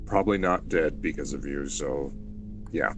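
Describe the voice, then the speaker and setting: A man voicing an awkward adventurer who whispers halting thanks to a companion. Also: a bass voice, pitched below the performer's own voice. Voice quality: soft, hushed. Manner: halting, self-conscious.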